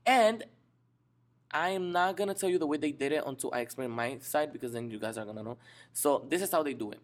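Animated young man. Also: a little high, a little fast. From Dominican Republic. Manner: animated, slangy, says "bro" often. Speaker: podcast co-host. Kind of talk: casual storytelling chat.

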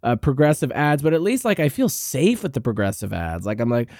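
A man's voice: mid-range voice, very animated, a little fast, darkish tone, dry recording, studio quality. A man hosting a podcast, ranting in sarcastic, profane and exasperated reaction commentary. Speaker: podcast host.

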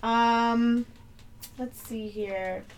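A woman co-hosting a casual chat, playful with quick quips. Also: a little high, fairly even intonation, clean tone. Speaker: co-host.

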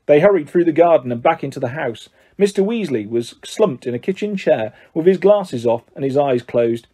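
A man reading a children's story aloud as narrator, in an expressive, animated way. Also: fairly high pitch, normal speed, husky. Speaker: audiobook narrator. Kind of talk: scripted narration.

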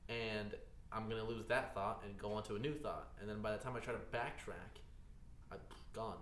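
A man's voice: fairly low pitch, steady tone, moderate pace, a bit bright. A man co-hosting a podcast in casual chat, rambling, losing his train of thought and saying "dude" constantly, recorded in a library. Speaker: podcast co-host. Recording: echoey room with faint noise.

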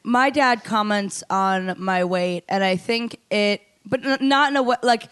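A woman's voice: medium pitch, measured pace, fairly bright tone, clean tone. A woman in casual podcast chat, talking earnestly and reflectively, thinking aloud with fillers.

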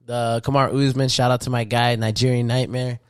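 A man co-hosting a podcast in casual chat, relaxed and a little hesitant. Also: medium pitch, a little fast, smooth, no echo, clean studio sound. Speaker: podcast co-host.

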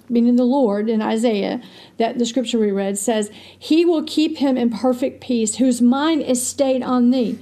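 A woman's voice: fairly high pitch, mellow. A woman co-hosting a faith podcast, speaking in an earnest teaching tone and quoting scripture. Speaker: podcast co-host.

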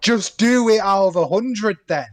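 A man's voice: sits high, lively intonation, unhurried. A man co-hosting a podcast, teasing and arguing in casual chat, swearing freely. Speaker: podcast co-host.

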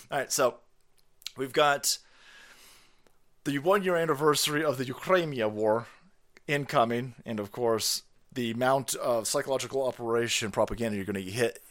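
A man ranting on a live stream, loud, profane and mocking, slipping into sarcastic voices. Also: medium pitch.

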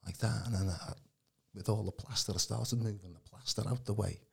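A man telling his personal testimony in a casual, animated way. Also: fairly low pitch, fairly quick, vocal fry, husky. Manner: animated, acts out quoted voices, calls the host mate. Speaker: guest giving testimony. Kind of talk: casual storytelling.

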